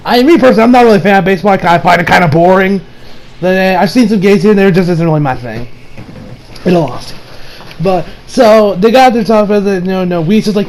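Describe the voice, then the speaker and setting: A man's voice: high voice, lively intonation, fast talker, a little mellow, slight background noise, rough recording. A man reviewing an anime episode in a rambling, casual way, swearing freely and restarting his sentences. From United States. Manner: rambling, profane, many fillers and restarts.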